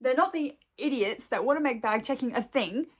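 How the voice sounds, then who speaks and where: A woman's voice: sits high, lively intonation, moderate pace, slightly rough. A young woman and shop worker venting to her camera at home, swearing heavily and rambling, close to tears. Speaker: vlogger and shop employee.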